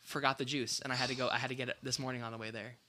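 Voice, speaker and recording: A man's voice: medium pitch, level tone, racing, heavy background noise. A young man co-hosting a podcast in casual chat, rambling with many restarts and fillers. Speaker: podcast co-host.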